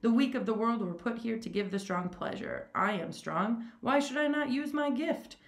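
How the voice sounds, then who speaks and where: A woman reading a story aloud, voicing a suave, cruel older male aristocrat with a smooth, amused, condescending manner. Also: fairly high pitch, moderate pace, roomy sound, voice pushed up, close to an everyday voice.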